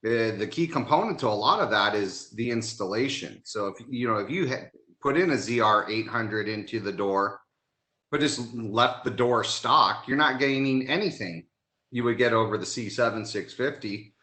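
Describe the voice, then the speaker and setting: A man with a bright, forceful tone speaks emphatically as a technical trainer. He sounds enthusiastic and hands-on, and his voice rings through an echoey room on a video call mic. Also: mid-range voice, normal speed. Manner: emphatic, enthusiastic about installation. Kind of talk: live online training talk.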